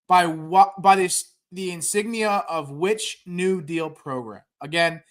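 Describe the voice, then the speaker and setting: A man's voice: fairly high pitch, sharp tone. A man running the trivia segment of a casual sports podcast, loose and joking. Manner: loose, joking, rambling with fillers.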